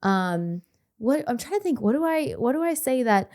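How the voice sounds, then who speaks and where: A woman from New Orleans with a light New Orleans accent, a chatty, animated storyteller in a casual podcast chat. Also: fairly high pitch, normal speed. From New Orleans, Louisiana. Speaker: guest actress.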